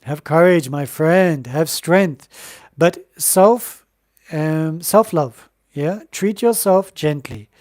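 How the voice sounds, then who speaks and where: A man hosting a live-stream tarot reading, talking in a gentle, encouraging, spiritual way with many fillers and restarts. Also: on the high side, takes it slowly, no echo, studio quality.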